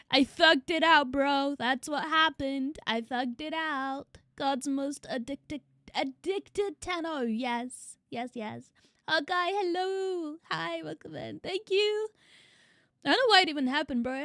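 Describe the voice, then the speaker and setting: Brash, high-voiced young woman streamer. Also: dry recording, clean studio sound. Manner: loud, brash and crude, greeting chat by name. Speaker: vtuber streamer. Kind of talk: casual live-stream chat.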